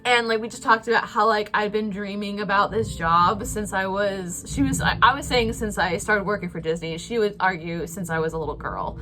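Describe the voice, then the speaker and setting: Bright-voiced young woman vlogger, rambling. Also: medium pitch, fairly quick, hardly any pauses. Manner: rambling, many fillers, breathless and emotional. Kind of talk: excited personal story to camera.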